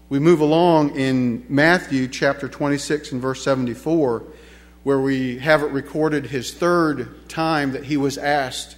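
A man's voice: fairly high pitch, unhurried. A man preaching a sermon in a church, emphatic and repetitive, asking the congregation rhetorical questions. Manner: emphatic, repeats key phrases, asks rhetorical questions.

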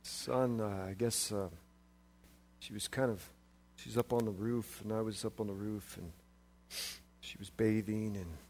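An older King David, as a preacher acts him out, speaking deep and low. He stalls and fumbles with his words, an embarrassed father caught by his son's questions. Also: measured pace, slight background noise, close to an everyday voice. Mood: fumbling. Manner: deep, quiet, hesitant with fillers.

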